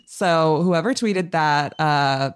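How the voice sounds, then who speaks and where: A woman's voice: low-pitched, slow, clear, resonant tone. An American woman co-hosting a podcast in casual chat, talking loosely with lots of fillers and frequent laughter. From United States. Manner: chatty, laughs often, many fillers. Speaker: podcast co-host.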